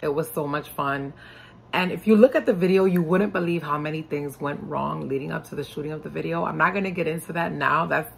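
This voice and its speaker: A young woman from New York, a singer and rapper, chatting in a lively, upbeat way about her music. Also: low-pitched, creaky, slight background noise. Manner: lively and upbeat, animated when excited. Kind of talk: casual interview talk.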